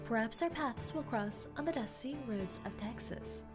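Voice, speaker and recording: A young woman streams a story game, reading its text aloud over loud music at a moderate pace. Her voice is on the high side, and she is excitable and playful, laughing often and slipping gasps and jokes between the lines she reads.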